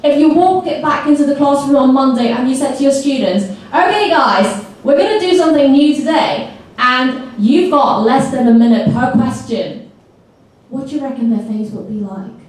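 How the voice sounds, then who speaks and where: A woman with a fairly high, mellow voice leads a teacher seminar. She talks lively and keeps checking in with "okay?" along the way. The sound is roomy and echoey, picked up from some distance away. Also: moderate pace. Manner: lively, acts out student reactions, many "okay?" checks. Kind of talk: teacher training seminar talk. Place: school hall or classroom. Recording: echoey room, voice from far off.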